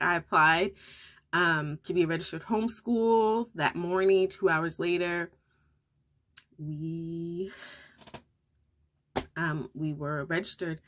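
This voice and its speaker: A woman's voice: on the low side, fairly even intonation, takes it slowly, long pauses, fairly bright tone. A young adult woman, a homeschooling mother, chatting casually to her viewers in a get-ready-with-me vlog and telling a personal story with fillers and restarts.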